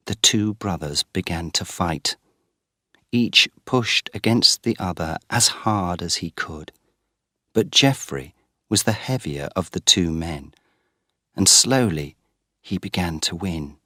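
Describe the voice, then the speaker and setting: Slow, deep-voiced male storyteller. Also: animated, sharp tone, dry recording, studio quality. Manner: slow and clear for learners. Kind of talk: graded-reader story narration.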